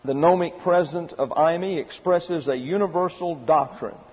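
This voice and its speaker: Husky and a bit high-pitched, this male preacher moves at a moderate pace through a sermon. He teaches the Bible methodically, one numbered subpoint at a time, stressing rhetorical questions along the way, all captured in muffled audio with a long reverb like a large hall.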